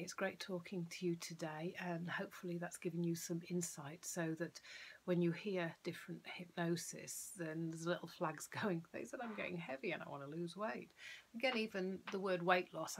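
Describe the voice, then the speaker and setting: A woman hypnotherapist explaining her craft in a soft, often half-whispered voice, shaping her tone with falling inflections. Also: on the low side, steady tone, moderate pace, a little hiss or hum. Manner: plays with tone and downward inflections. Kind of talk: explanatory talk.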